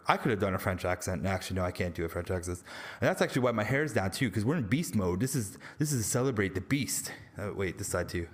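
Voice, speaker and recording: A man reviewing a movie in a casual vlog, rambling, slangy and jokey. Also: mid-range voice. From Canada.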